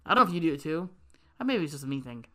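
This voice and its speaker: A woman co-hosting a casual podcast, with a very low, deep voice for a woman. She talks in a relaxed way and drops in wry asides. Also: rapid-fire. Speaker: podcast co-host. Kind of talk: casual chat.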